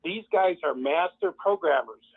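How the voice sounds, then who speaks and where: A man's voice: fairly high pitch, moderate pace, vocal fry, slightly rough. A man calling in to a show, talking with fervent, repetitive conviction and mocking the voices he quotes. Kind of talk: impassioned call-in commentary. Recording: tinny phone line.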